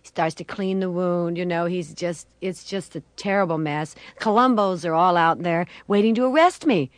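An older woman, a guest, telling a long story with animated, acted-out voices and laughter. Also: lowish voice, moderate pace, no echo.

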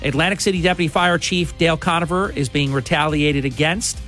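A man's voice: fairly high pitch, steady tone, a little fast, fairly bright tone, soft background music. A man hosting a talk radio show, ranting emphatically and indignantly into a studio microphone.

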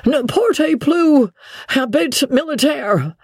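A man voicing a stout, cowardly middle-aged gentleman shouting panicked orders in broken French. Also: very high voice, expressive, slow pace, dry recording, clean studio sound, pitched above the performer's own voice, full character voice. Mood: terrified.

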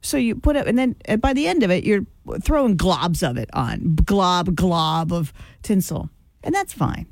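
Heard with no echo through a studio microphone, a morning radio co-host with a fairly low voice chats at a moderate pace. Her banter is casual, she laughs a lot, and she tells her stories with animation.

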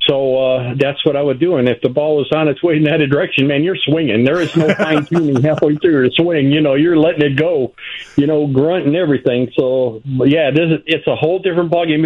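An older man phones in to a radio show, and his stories come through a thin, tinny phone line. His voice sits a little high, and he gets carried away and laughs as he tells them. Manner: animated storyteller, laughs often. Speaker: former ballplayer guest. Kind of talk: phone-in radio interview storytelling.

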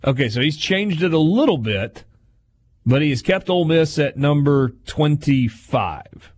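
A man's voice: on the high side, animated, a little slow, darkish tone. A man hosting a sports talk radio show, reading sponsor copy and running down poll rankings while teasing his co-hosts.

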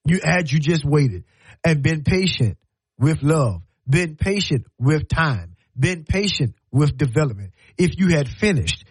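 Male radio talk host, emphatic sermon-like monologue, slightly husky tone, dry booth. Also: on the high side, dry recording, low-quality recording. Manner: preachy, emphatic, repeats words, acts out quoted lines.

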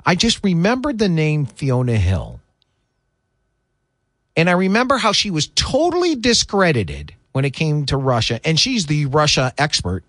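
A man hosts a political talk show, pressing his points with indignant emphasis. His voice sits a little high for a man and swings widely in pitch. The sound is dry and close, with no room echo. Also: wildly swooping pitch, normal speed, a bit bright. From United States. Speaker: political talk radio host. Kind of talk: opinionated political commentary.

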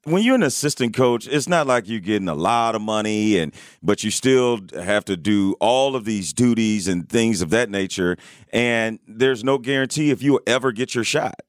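A man's voice: fairly low pitch, expressive, normal speed, dry recording, studio quality. A man co-hosting a radio talk show, chatting conversationally with frequent restarts. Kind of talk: casual radio banter. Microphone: studio microphone.

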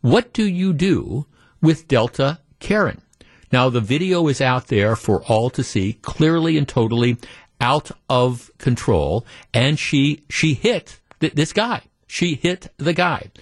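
Animated male radio talk show host. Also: mid-range voice, slow pace, dry recording, clean studio sound. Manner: animated storyteller, acts out quotes.

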